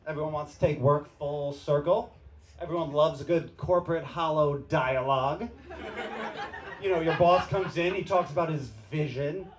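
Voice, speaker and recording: A man's voice: a little high, normal speed, a little hiss or hum. A man doing a loose, unscripted, self-deprecating stand-up set on a bar stage. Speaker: stand-up comedian. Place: comedy bar stage with live audience.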